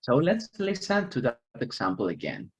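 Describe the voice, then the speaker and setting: A man's voice: mid-range voice, huge pitch swings, normal speed, slightly rough, muffled recording. A man teaching an online English class, chatty and upbeat, chuckling often and leaning on key words. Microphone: computer mic on a video call.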